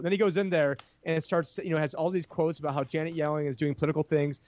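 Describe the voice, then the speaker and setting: A man's voice: on the high side, quick pace, hardly any pauses, darkish tone, dull audio. A man talking as a podcast guest, explaining finance with heated energy and many restarts. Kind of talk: casual podcast chat.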